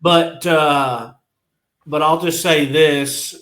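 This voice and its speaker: Casting a blunt, frustrated male podcast co-host who chuckles through his rants, slightly high voice, roomy sound. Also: fairly even intonation, very slow, a bit bright. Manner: blunt, frustrated, laughs often. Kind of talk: casual sports chat.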